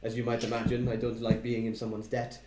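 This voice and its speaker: A man role-playing his character in a tabletop game, speaking in a formal, measured way. His voice sits at an ordinary middle pitch. The room around him is echoey. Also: monotone, darkish tone, distant mic, slight background noise. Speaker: player.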